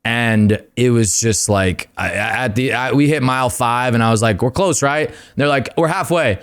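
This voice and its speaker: Casting: young adult male guest, casual and rambling, mid-pitched, loose storyteller. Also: fairly even intonation, normal speed, fairly bright tone, clean tone. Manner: rambling storyteller, many fillers, swearing. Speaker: podcast guest. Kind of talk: casual chat.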